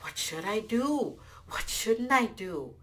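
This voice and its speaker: A woman's voice: lowish voice, animated, unhurried, creaky, a bit bright, full character voice. A woman storyteller voicing a frightened male lion who begs to serve. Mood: timid. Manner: timid, pleading. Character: scared, meek male lion.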